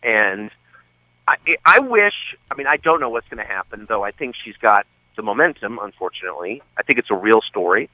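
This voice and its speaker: A man guesting on a talk radio show, speaking in an animated, sardonic way and tossing in wry asides about politics. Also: lowish voice, fairly quick, dry recording. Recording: dull lo-fi line, dry.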